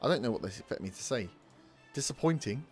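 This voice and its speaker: A man's voice: lowish voice, expressive, racing. Young man, gaming let's play host, frustrated, swearing, faint background music. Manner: exasperated, swears and scolds players. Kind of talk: gaming commentary.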